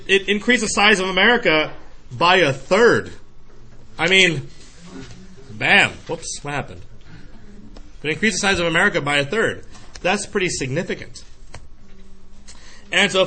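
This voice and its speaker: A man lectures a history class with a bright, forceful voice that sits a bit high for a man. He is animated and playful, jumping into quick character voices for his analogies and now and then calling out to the class. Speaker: history teacher.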